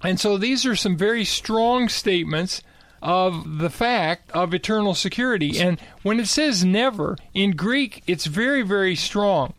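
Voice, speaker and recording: A man's voice: sits high, expressive, measured pace, a bit bright, no room sound. An older man co-hosting a casual Bible discussion, talking emphatically and repeating key words for stress. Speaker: co-host.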